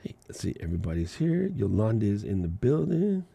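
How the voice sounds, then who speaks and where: Male podcast host, lower voice, slangy and animated, quick to laugh; dry, close sound. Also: creaky, husky, dry recording. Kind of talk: casual live-stream storytelling.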